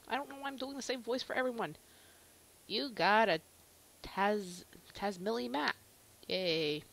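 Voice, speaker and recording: A woman's voice: on the high side, unhurried, gravelly, long pauses, fairly bright tone. A young woman giving rambling, goofy commentary while playing a video game. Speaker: let's play gamer.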